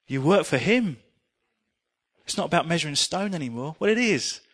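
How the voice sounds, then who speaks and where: A middle-aged man preaching a sermon, telling personal stories in an earnest, animated way. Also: a little high, normal speed.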